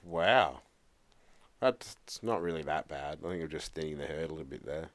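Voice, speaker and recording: Deep-voiced middle-aged aussie guy, jokey podcast banter, really lively up and down. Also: moderate pace. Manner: joking, teasing, laughs often. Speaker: podcast co-host. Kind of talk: casual chat. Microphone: studio microphone.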